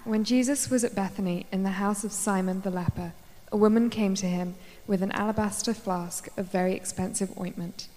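A woman's voice: mid-range voice, steady tone, fairly quick, few pauses, dark tone. Woman reading scripture in a church hall. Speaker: Bible reader. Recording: long hall reverb, off mic.

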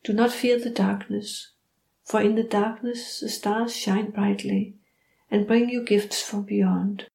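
A woman doing a gentle female dog spirit, soft and soothing, steady flat tone, mellow gravelly voice, roomy echo. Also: mid-range voice, slow.

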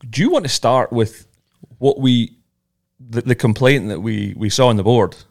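A man's voice: mid-range voice, normal speed, vocal fry, a little mellow. A man co-hosting a podcast, talking in a rambling, friendly way with many restarts. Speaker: podcast co-host. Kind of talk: casual chat.

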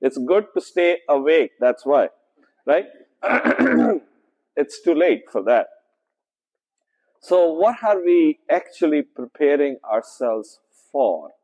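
Slow-talking pastor in a reverberant church. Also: male voice, fairly high pitch, big pitch swings, darkish tone. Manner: frequent "right?" checks, many fillers, slow deliberate delivery. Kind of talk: conversational sermon with congregation. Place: church sanctuary.

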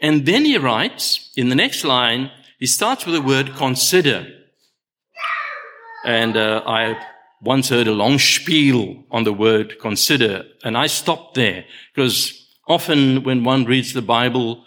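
A man's voice: medium pitch, expressive, fairly bright tone. An older man preaching a sermon, telling stories unhurriedly and stressing points through repetition. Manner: unhurried storytelling with emphatic repetition. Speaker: pastor.

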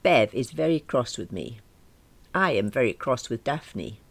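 Woman reading a diary story, wry and dry, gravelly, lots of ups and downs. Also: a bass voice, very animated, unhurried, no room sound. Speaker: reader. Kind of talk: diary-style story narration.

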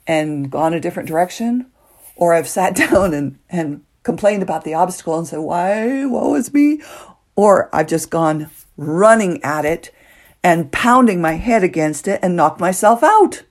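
A woman hosting a solo motivational podcast, earnest and emotional, moving between soft hushed lines and excited bursts. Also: on the low side. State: nervous, emotional. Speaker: podcast host.

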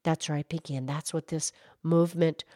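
A woman voicing a gentle female cow who calmly explains history on a children's show. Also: deep voice, normal speed, dry recording, studio quality, lightly acted. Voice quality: calm, explanatory, hesitant restarts. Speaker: co-host, explainer.

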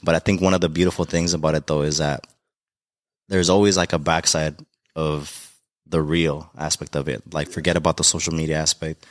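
A man's voice: very deep voice, flat delivery, brisk, no room sound, clean studio sound. A young man from Mexico, a podcast guest, talking in a heartfelt, rambling way with many fillers about being a dad. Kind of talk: emotional casual conversation.

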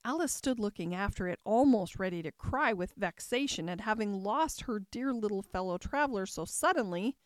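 A woman narrating a classic storybook in a calm, even storytelling manner. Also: mid-range voice, normal speed, hardly any pauses, no room sound, studio quality. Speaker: audiobook narrator.

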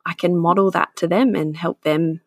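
A woman's voice: fairly low pitch, fairly even intonation, moderate pace, breathy edge, no room sound. Encouraging woman host, dry sound. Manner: encouraging, warm listener, laughs easily. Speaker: podcast host. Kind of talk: casual conversational interview.

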